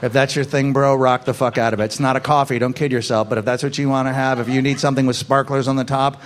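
A man doing a stand-up comedy set on stage, ranting, swearing and yelling his punchlines. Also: medium pitch, level tone, fast talker, slight background noise. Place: comedy club stage before a live audience.

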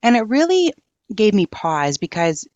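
A woman's voice: medium pitch, sing-song, unhurried, darkish tone, no echo, lo-fi sound. A woman hosting a podcast interview who talks earnestly and reads a moving story aloud. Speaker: podcast host.

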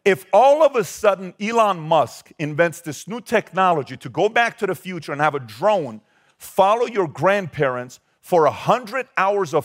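A man in his forties, from Iran, giving an emphatic talk to a live audience and firing rhetorical questions at the crowd. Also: on the high side. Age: 40s. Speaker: motivational speaker.

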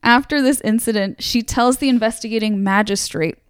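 A woman's voice: fairly high pitch, fairly quick, clean tone, no echo, clean studio sound. A woman hosting a casual true-crime podcast, retelling a case in a conversational way with plenty of fillers. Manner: conversational storytelling, many fillers. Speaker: podcast host.

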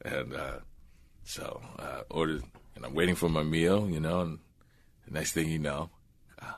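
A man's voice: very deep voice, moderate pace, creaky. A man from New Orleans, a guest actor in a casual interview, telling stories animatedly and acting out voices. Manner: animated storyteller who acts out voices.

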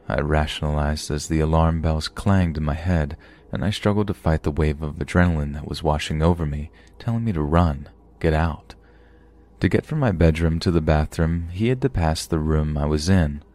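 A man, the host of a podcast, reading a scary true story aloud with steady, measured delivery. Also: rumbling low. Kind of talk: horror story narration.

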